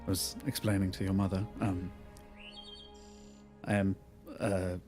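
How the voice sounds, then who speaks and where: A man playing his character in a tabletop game, speaking quietly and hesitantly. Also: deep voice, flat delivery, measured pace. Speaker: player. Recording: faint music behind.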